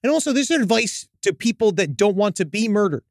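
Man, podcast co-host, casual true-crime chat, joking and swearing, high animated voice, dry close sound. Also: fast talker, dry recording.

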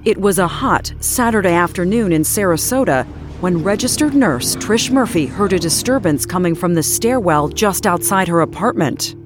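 A woman narrates a true-crime story in a measured, dramatic way. Her voice sits a little low. Music plays clearly beneath her. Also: lively intonation.

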